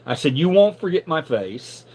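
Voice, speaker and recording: Middle-aged man, casual live-stream storyteller; lively, slightly high voice, profane, stammers when worked up. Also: normal speed, slightly rough. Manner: animated, profane, repeats words when riled.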